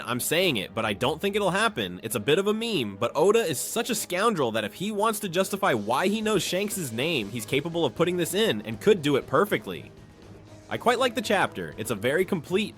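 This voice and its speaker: A man with a fairly high voice talks through a chapter recap in a relaxed, chatty way. His pitch swings a lot as he retells scenes and drops in musing asides. Soft music plays quietly underneath. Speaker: manga chapter recap commentator. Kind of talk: casual spoken recap with opinions.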